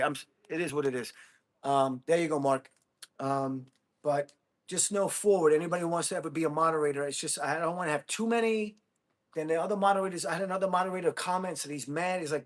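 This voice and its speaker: A man's voice: fairly high pitch, a bit bright. A man in his fifties hosting a casual livestream, rambling in a friendly way and talking straight to viewers. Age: 50s. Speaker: livestream host.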